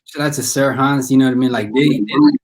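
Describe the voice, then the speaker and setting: A man's voice: medium pitch, fairly even intonation, quick pace, poor audio. Laid-back Cameroonian man chatting. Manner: laid-back, many "you know what I mean" fillers. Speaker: guest musician and podcast host. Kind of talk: casual interview chat.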